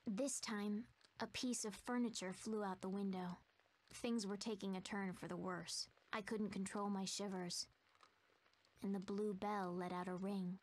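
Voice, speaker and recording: A woman narrating a video game in a soft, hushed, fearful storytelling manner, voicing a timid young female narrator. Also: medium pitch, fairly even intonation, unhurried, natural voice.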